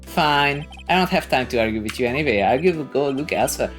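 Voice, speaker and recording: Woman reading as an earnest young lawyer, very low, lively voice. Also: brisk, faint music behind.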